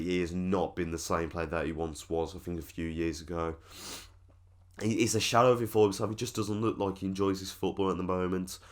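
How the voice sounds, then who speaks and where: A man hosting a football fan channel, giving rambling, opinionated commentary with lots of fillers. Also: sits low. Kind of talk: casual commentary to camera.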